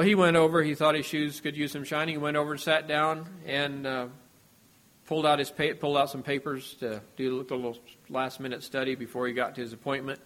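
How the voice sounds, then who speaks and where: A man preaching a sermon in a measured, earnest way, his voice dropping softly at the ends of phrases. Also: medium pitch.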